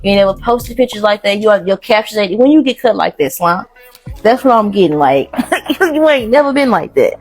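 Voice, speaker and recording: A woman's voice: mid-range voice, expressive, fairly quick, faint music behind. Blunt, slangy woman reading tarot. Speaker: tarot reader.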